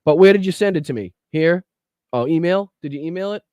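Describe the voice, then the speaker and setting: A man's voice: fairly high pitch, animated, a little fast, dark tone, no echo, studio quality. A man hosting a political podcast livestream, talking bluntly and profanely while reacting to clips and greeting chat. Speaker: podcast host.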